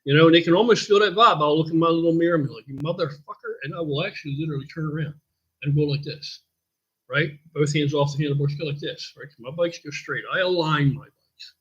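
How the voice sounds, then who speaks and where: Blunt, profane man with a husky voice. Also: a little high, quick pace. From United States. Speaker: host. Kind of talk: casual live-stream chat. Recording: dull lo-fi stream audio.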